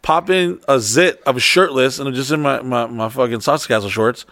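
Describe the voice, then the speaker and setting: A man hosting a podcast, telling a story in casual chat, swearing and excitable. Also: medium pitch, normal speed, no echo, studio quality. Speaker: podcast host.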